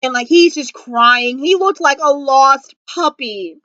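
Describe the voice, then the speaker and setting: A woman's voice: high voice, slow, sharp tone, dry recording, lo-fi sound. A young woman vlogging a fan review of a TV episode, gushing and dramatic, full of "like" and fillers. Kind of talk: excited fan review chat. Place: indoors at home.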